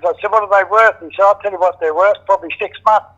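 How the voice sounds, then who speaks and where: Older Australian man telling rough tales. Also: high voice, a little fast, bright, forceful tone, muffled recording. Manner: blunt, swears freely, acts out quoted voices. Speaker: interviewee, former criminal. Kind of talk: casual storytelling.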